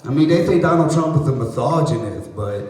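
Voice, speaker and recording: American comedian working a live crowd. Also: male voice, a little high, animated, brisk. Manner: loose, crowd-working, slips into impressions. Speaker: stand-up comedian. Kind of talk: live stand-up set. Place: outdoor apartment complex courtyard. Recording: echoey, distant, noisy live recording.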